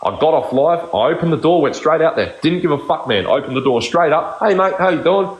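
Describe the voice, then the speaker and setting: A man's voice: fairly high pitch, animated, brisk, highs cut off. Blunt swearing man in echoey room. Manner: blunt, swears constantly, repeats himself. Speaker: live stream host. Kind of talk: heated casual chat.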